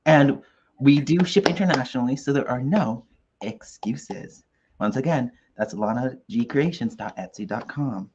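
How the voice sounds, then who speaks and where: A woman's voice: extremely low pitch, a little slow, a little mellow, muffled recording, a little hiss or hum. A woman co-hosting a casual podcast, playful and sarcastic. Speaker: podcast co-host. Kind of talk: casual chat.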